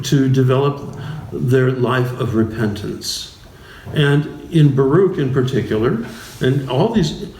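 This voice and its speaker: Bishop, male, easygoing teaching talk, halting and slow, mic at a distance. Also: mid-range voice, darkish tone. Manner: slow, halting, many restarts and fillers, chuckles often. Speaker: bishop teaching a class series. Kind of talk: informal talk with anecdotes. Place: church. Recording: roomy church hall, voice from afar, faint noise.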